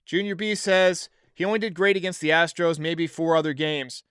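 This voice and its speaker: High, smooth-voiced male podcast host. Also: level tone, moderate pace, fairly bright tone, dry recording, clean studio sound. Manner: chatty, reads viewer comments aloud. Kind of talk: casual live-stream talk.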